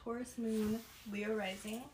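A woman's voice: mid-range voice, level tone, unhurried, a little mellow, a little hiss or hum. A young woman co-hosting a podcast in casual chat, giggly and self-deprecating, often trailing off. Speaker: podcast co-host.

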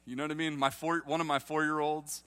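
A man's voice: on the high side, gravelly, pushed and bright. A man, preaching a sermon in a livestreamed church and joking with the congregation. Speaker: pastor.

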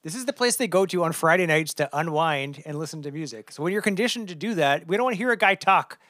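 A man's voice: on the high side, quick pace. Laughing comedian guest, man. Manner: relaxed, laughs often while talking. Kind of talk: casual chat.

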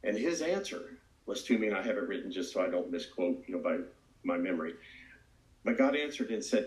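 A man's voice: low voice, expressive, brisk. A man giving an earnest, reflective personal testimony as a recovery speaker. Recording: roomy echo.

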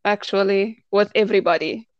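A woman's voice: medium pitch, moderate pace, no room sound, dull audio. A young adult woman with a South African accent, from Cape Town, chatting casually as a podcast guest and telling stories with easy laughs.

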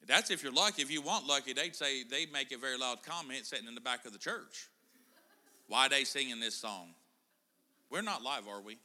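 A man's voice: mid-range voice, lively intonation, fast, few pauses, sharp tone. A middle-aged man preaching a casual sermon in a church, chatting and joking with the congregation. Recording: church hall reverb.

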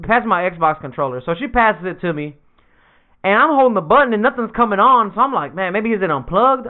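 A young man in casual chat, slangy and laid-back, swearing freely, recovering from surgery. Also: high voice. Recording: tinny lo-fi phone-like sound.

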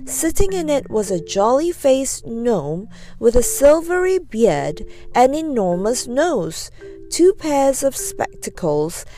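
A woman reading a children's storybook aloud, gentle and expressive. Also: high voice, slow pace.

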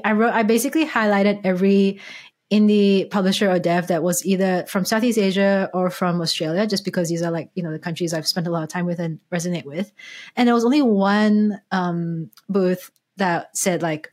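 A woman co-hosting a casual gaming podcast, spinning a story with lively, self-mocking energy. She laughs often and breaks off mid-sentence as she goes, with a voice of ordinary pitch. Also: quick pace. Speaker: podcast co-host.

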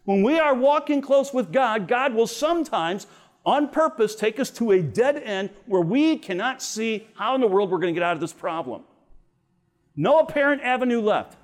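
A middle-aged man teaching a Bible lesson to teenagers at a camp, telling personal stories and acting out the voices he quotes. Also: high voice. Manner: storytelling, acts out quoted voices. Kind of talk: animated youth Bible lesson.

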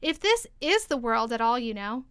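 Storybook girl, curious and polite, read by a woman, smooth, dry close sound. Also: high-pitched, moderate pace, sharp tone, no echo. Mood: wondering. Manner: wondering, polite.

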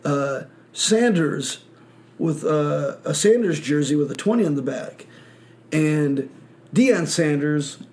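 A man from Michigan hosting a podcast, chatting casually, joking and swearing, and putting on high mocking voices for other people. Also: expressive, takes it slowly, a little mellow. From Michigan, USA. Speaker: podcast host.

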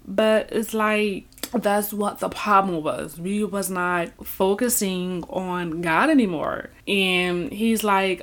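A woman talking casually about her faith, rambling with lots of "you know" and "y'all", and acting out quotes with a lively voice. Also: lowish voice, takes it slowly. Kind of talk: casual faith talk to camera.

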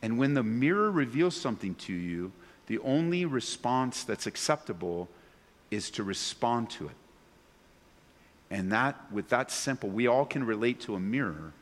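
A man preaching a sermon to a congregation, animated, swinging between loud excited bursts and low earnest tones. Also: moderate pace. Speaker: pastor. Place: church sanctuary before a congregation. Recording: long reverb of a large hall.

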